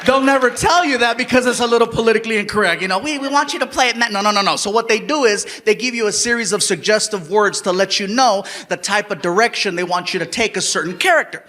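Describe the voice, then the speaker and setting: A man doing stand-up storytelling, animated and breaking into loud outbursts. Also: high voice, fast, hardly any pauses. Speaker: stand-up comedian.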